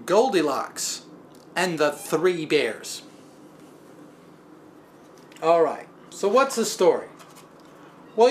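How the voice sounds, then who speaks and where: A man hosting a stand-up style physics talk, telling stories with wry, animated asides and self-deprecating humor. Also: high voice, a little hiss or hum. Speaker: host.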